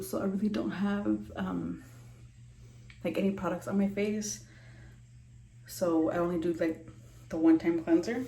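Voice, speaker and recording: A woman's voice: medium pitch, dark tone, echoey room, slight background noise, poor audio. A young woman doing a casual skincare vlog, rambling with lots of ums and likes, a bit out of breath, recorded in her small bathroom. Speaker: beauty vlogger.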